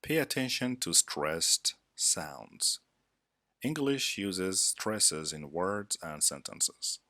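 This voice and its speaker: An English teacher reads a scripted lesson in a very deep but bright voice, his pitch moving in a lively way while his delivery stays measured and deliberate. The recording is dry and close, with no room sound.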